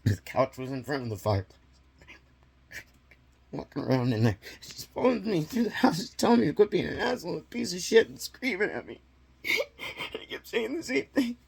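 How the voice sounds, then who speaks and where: A man vlogging a personal confession, retelling events in an agitated, halting way with nervous laughs. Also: fairly high pitch, big pitch swings, creaky, a little mellow.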